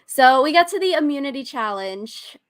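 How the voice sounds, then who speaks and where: A woman's voice: high voice, animated, moderate pace. A young woman co-hosting a casual recap podcast, chatty and laughing often. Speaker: podcast co-host.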